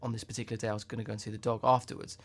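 A man's voice: fairly low pitch, little pitch movement, rapid-fire, soft background music. A man co-hosting a podcast, telling a long personal story in casual chat and swearing freely. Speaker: podcast co-host.

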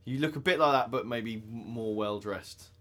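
A man's voice: mid-range voice, moderate pace, fairly bright tone. A man co-hosting a podcast in casual chat, talking hesitantly and hunting for the right words. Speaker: podcast co-host.

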